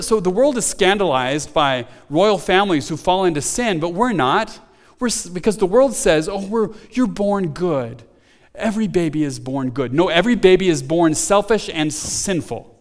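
High-voiced man preaching in a reverberant hall. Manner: conversational preaching, frequent restarts, rises to emphatic quotes. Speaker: pastor. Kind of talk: sermon.

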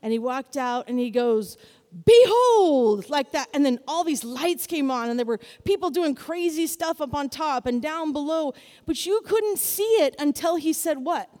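High-voiced woman preaching in a reverberant hall. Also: normal speed. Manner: animated, builds to loud exclamations. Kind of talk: sermon.

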